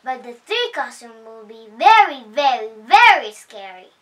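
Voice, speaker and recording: An eager, excitable storybook dragon, read aloud by a woman in a high, bright voice. He speaks slowly and simply, as in a children's picture book. He is heard from some distance. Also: exaggerated voice.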